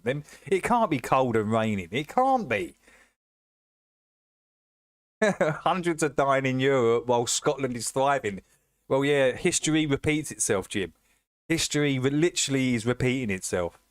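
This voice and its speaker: A man's voice: mid-range voice, no echo. Guy chatting on a stream, keeps laughing, repeats himself, dry mic. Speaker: livestream host. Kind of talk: casual chat.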